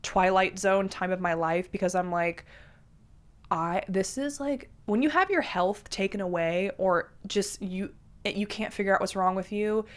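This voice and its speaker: A woman in her twenties tells her story as an interview guest, animated and casual. She leans on "like" and acts out what people said. Her voice sits in a middle pitch. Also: a little slow. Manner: animated, heavy use of "like", acts out quotes.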